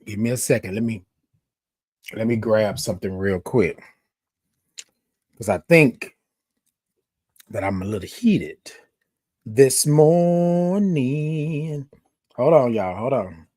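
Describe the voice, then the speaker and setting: Hosting a motivational livestream, a man speaks straight to his viewers with repetitive, emphatic affirmations. His voice is husky, darkish and on the low side, and he goes unhurriedly, pausing often.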